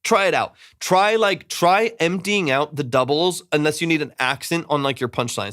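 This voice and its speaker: A male music producer talks at a normal speed with hardly any pauses, his voice slightly high and a bit bright, while casually critiquing a mix live. He hedges, repeats words and scats melodies as da-da, recorded in studio quality without room sound.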